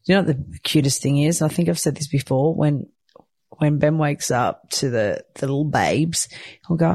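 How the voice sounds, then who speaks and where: A woman's voice: low-pitched, moderate pace, darkish tone, no room sound, clean studio sound. A sleep-deprived new mother talking candidly in a casual weekly chat, swearing lightly and laughing often. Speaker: weekly vlogger, new mother of twin boys.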